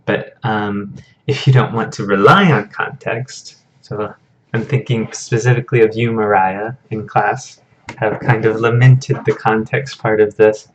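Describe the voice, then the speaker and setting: A man's voice: fairly low pitch, steady tone, a little slow, muffled recording, slight background noise. A man teaching a Hebrew grammar lesson over a shared screen, explaining patiently in a casual way with frequent fillers.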